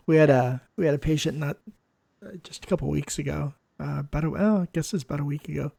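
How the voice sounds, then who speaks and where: A man hosting a podcast interview, a nurse telling work stories in a lively way and acting out what people said. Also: a little high, fast, gravelly, no room sound. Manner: animated storyteller, quotes people in dialogue. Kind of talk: conversational interview storytelling.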